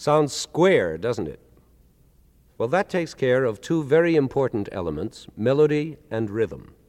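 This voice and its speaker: A man's voice: mid-range voice, very animated, a little slow, a little mellow, big-room sound, soft background music. A man giving an articulate, explanatory lecture, counting beats aloud and stressing them to demonstrate. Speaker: lecturer presenting with a band.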